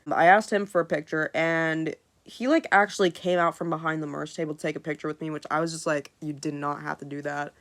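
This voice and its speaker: A young woman vlogger casually telling a story, swearing freely and acting out what people said. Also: on the low side. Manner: animated, swears freely, acts out quotes.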